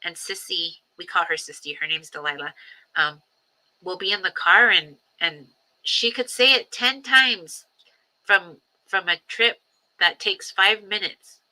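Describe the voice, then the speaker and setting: A grandmother in her own livestream, talking slowly and thoughtfully and circling back to repeat her words. Her voice is a bit low for a woman but very bright and clear-edged, with lots of pauses and ums between thoughts. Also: low-quality recording. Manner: reflective, repetitive, many ums and pauses. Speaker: livestream host. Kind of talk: personal livestream talk. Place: home livestream.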